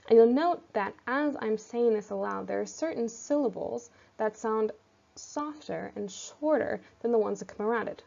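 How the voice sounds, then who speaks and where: A woman teacher giving a recorded lecture, explaining step by step in a clear, methodical way. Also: fairly high pitch, moderate pace, warm tone. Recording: slightly dull lo-fi audio.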